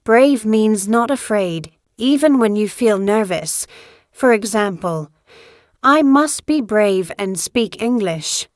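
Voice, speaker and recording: Woman, English lesson, very slow pace, clear deliberate delivery, dry close recording. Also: medium pitch, expressive, no room sound. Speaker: English teacher. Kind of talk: slow scripted language lesson.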